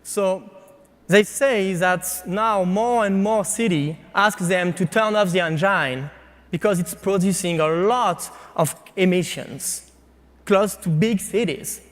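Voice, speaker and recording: A man with a French accent giving a startup pitch to an audience, speaking haltingly with frequent fillers and restarts. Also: big-room sound. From France. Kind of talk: competition pitch presentation.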